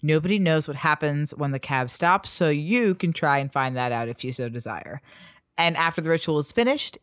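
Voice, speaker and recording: A man's voice: fairly high pitch, a bit bright, smooth, no echo, clean studio sound. A man co-hosting a casual comedy podcast, reading out the steps of a spooky ritual and joking about each one with frequent laughs. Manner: reads ritual steps aloud with wry asides and frequent laughs. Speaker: podcast co-host.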